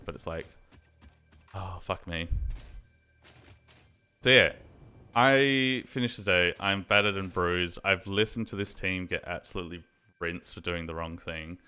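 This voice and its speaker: Low, bright-toned guy rambling. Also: unhurried, long pauses, clear, resonant tone. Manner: rambling storyteller, swears freely, many fillers. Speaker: streamer. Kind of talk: casual chat while gaming.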